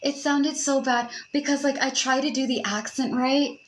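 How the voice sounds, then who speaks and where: A young woman talks straight to her listeners in a loose, joking podcast chat, animated and quick to swear. Her voice sits a little high, with a faint hiss of background noise under it. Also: poor audio. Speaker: podcast host. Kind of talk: casual advice chat.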